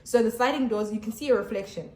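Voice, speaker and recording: A young South African woman telling a storytime vlog to her camera at home, chatty and animated with lots of fillers and restarts. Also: fairly high pitch, quick pace. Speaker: YouTuber. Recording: echoey room.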